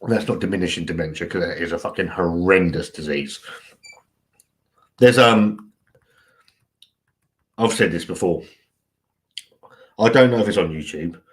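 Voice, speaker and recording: A man's voice: low voice, unhurried, long pauses. A man, chatting casually and rambling on a live stream, swearing freely. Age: 40s.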